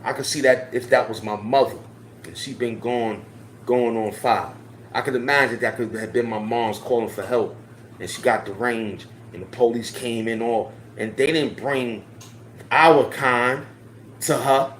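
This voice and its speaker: Speaking to his viewers, this male online commentator hammers home his points with repetition, his social commentary impassioned and full of slang. The voice sits in the mid-range and moves a little slowly. Slight background noise and a roomy echo are present.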